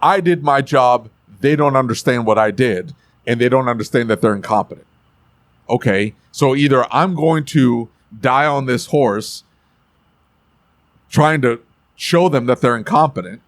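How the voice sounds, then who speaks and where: A man's voice: mid-range voice, unhurried, dry recording. A middle-aged man co-hosting a casual podcast, talking bluntly and animatedly about running a shop. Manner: blunt, animated, acts out yelling at customers and techs. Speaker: podcast co-host, shop owner.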